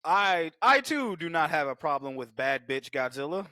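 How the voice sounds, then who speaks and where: A man co-hosting a movie podcast, animated and profane, acting out monster lines in silly voices during casual chat. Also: a little high, normal speed, no room sound. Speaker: podcast co-host.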